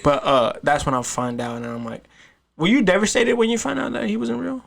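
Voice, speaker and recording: Gravelly man swearing through a rambling story. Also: high-pitched, steady tone, fairly quick, fairly bright tone. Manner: loose, profane, rambling with restarts. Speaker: podcast host. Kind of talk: casual storytelling chat.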